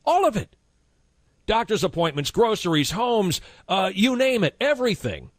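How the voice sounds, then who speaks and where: A man's voice: high-pitched, wildly swooping pitch, normal speed, no room sound, studio quality. A male radio talk host delivering a heated, indignant on-air rant, hammering his points with repetition. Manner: indignant, impassioned, emphatic repetition.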